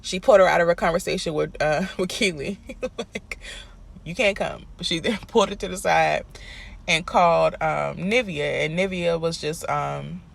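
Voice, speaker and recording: Sassy man with a gravelly voice. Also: a little high, steady tone, normal speed. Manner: sassy, exasperated, chatty storytelling. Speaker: TV recap commentator. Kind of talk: casual review and recap rant.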